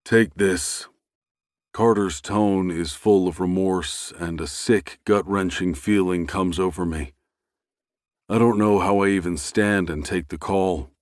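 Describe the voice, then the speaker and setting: A man narrating a romance audiobook in the first person, with a measured, unhurried reading. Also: low-pitched, a little mellow, no room sound, clean studio sound.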